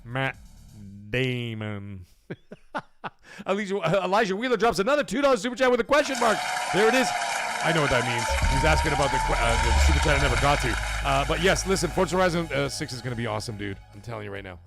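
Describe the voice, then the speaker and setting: Rambling, animated Canadian stream host. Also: male voice, fast talker, vocal fry, over music. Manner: rambling and animated, swears freely, energy swings between high and low. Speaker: livestream podcast host. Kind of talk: casual livestream chat, reading out viewer messages.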